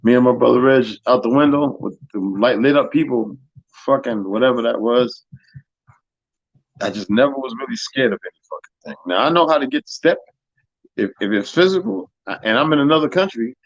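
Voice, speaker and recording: A man hosting a live stream, telling stories in a profane, animated way that swings from loud to soft. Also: medium pitch, brisk, no echo, dull audio. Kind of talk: casual storytelling chat.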